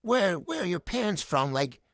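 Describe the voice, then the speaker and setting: A creepy thirty-year-old man who pesters with questions in a low, mumbling voice that sounds off-mic and far away, as a young woman mimics him in her story. His phrasing is hesitant and drifting, and his intonation moves around a lot. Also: sing-song, moderate pace. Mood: prying.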